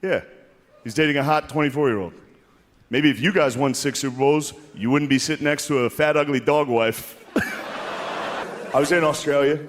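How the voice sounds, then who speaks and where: A man performing stand-up comedy in a live show, with a crude, deadpan delivery, often laughing at his own jokes. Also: a little high, normal speed, pauses often, a little hiss or hum. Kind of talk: stand-up set before a live audience. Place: large hall with a live audience. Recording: stage mic in a reverberant hall with loud crowd laughter.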